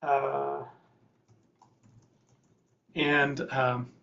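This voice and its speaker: A man's voice: mid-range voice, level tone, extremely slow, creaky, fairly bright tone. A man hosting a live webinar in a chatty, informal, easygoing way. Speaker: conference host. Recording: dull lo-fi webinar audio.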